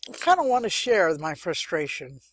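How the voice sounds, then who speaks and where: A woman's voice: fairly low pitch, big pitch swings, normal speed, no echo. A young woman hosting a let's-play, chatting and thinking aloud as she plays, with muttered asides. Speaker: gaming channel host. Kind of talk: let's-play game commentary.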